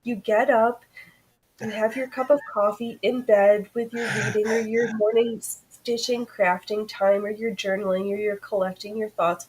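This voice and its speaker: A woman hosting a casual chat while sewing, playful and expressive, laughing often. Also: medium pitch, husky, low-quality recording. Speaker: host.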